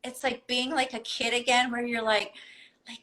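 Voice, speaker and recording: A woman guest in a casual conversation, telling stories in an animated way and giggling often. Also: fairly high pitch, moderate pace, poor audio. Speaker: podcast guest.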